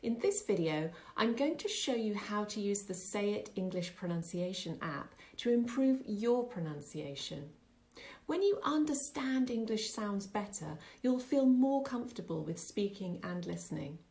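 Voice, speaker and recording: A middle-aged woman teaches in a scripted voice-over, speaking clearly and at a measured, patient pace. Her tone stays steady and explanatory, like a teacher walking a learner through each step. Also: mid-range voice. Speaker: English teacher.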